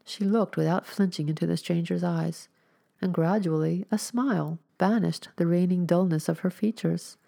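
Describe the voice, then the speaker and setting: A woman narrating a story as an audiobook reader, with a measured, steady reading. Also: fairly low pitch, gravelly.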